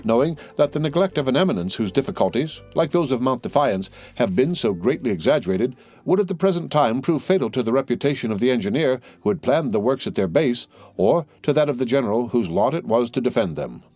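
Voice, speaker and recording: A man reading a classic adventure novel aloud as an audiobook narrator, in a steady, measured way. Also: medium pitch, soft background music. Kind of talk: scripted narration.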